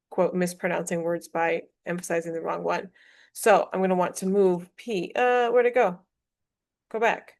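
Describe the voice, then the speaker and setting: Woman with a low creaky voice, muttering through drafts of a poem. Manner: mutters and tests lines aloud. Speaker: writer and illustrator. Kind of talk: thinking aloud while drafting a poem.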